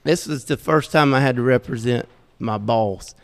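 A middle-aged man with a Southeast Georgia drawl tells self-deprecating stories with a gravelly edge to his voice. He chuckles often as he talks. The sound rings with a long reverb, as if recorded in a large room. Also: mid-range voice, moderate pace. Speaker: podcast guest. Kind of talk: casual storytelling.

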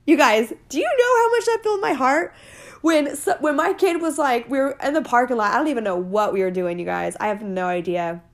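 A woman's voice: high voice, fairly quick. A woman, hosting a casual motivational podcast in a chatty, playful way. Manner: animated, chatty, playful with swearing and asides. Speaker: podcast host.

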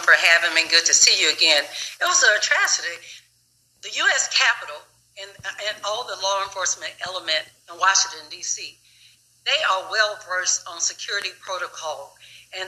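A woman who leads a law enforcement organization, answering interview questions in a measured, formal, professional way. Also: on the low side, sharp tone, rough recording. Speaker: law enforcement executive guest.

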